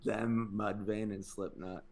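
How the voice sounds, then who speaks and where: Very deep-voiced, wry co-host. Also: male voice, level tone, slow, a little mellow. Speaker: podcast co-host. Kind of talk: casual chat.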